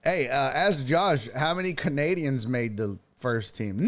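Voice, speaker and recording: Lively, profane man hosting sports talk. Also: medium pitch, measured pace, few pauses. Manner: animated, profane, reads chat aloud and jokes. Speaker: sports talk show host. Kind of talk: casual live-stream sports talk.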